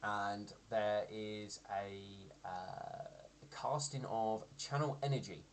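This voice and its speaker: A man's voice: on the low side, fairly even intonation, takes it slowly. A man narrating as game master of a tabletop game, hesitant and full of ums and restarts.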